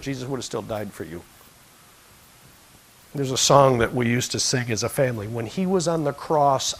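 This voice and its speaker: A man preaching a sermon in a church, swinging between quiet conversational asides and impassioned, emphatic peaks. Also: mid-range voice, breathy edge, poor audio. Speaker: pastor. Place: church sanctuary.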